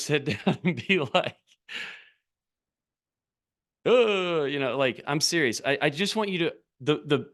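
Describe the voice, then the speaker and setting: A man giving a business coaching talk straight to camera, urging his viewers and firing off rhetorical questions. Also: medium pitch. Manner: animated, urging, asks many rhetorical questions.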